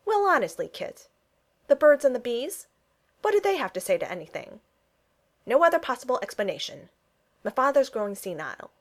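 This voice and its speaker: A good-natured young Regency gentleman, blunt and clipped, as a woman narrator puts him on. His phrases bounce up and down with lively pitch. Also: normal speed. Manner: clipped speech, dropped pronouns.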